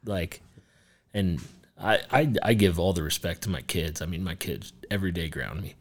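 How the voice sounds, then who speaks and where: A man's voice: sits low, animated, normal speed, breathy edge. A man, a business owner, talking as a podcast guest in a rambling way with lots of fillers and casual swearing. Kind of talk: casual interview chat.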